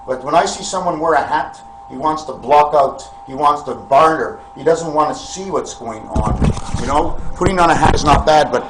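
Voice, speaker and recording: A vlogger gives a rambling, preachy spiritual monologue to camera, wandering from point to point, asking rhetorical questions, and calling his listeners friends. His voice is fairly high and fairly bright, on a low-quality recording with some hiss or hum.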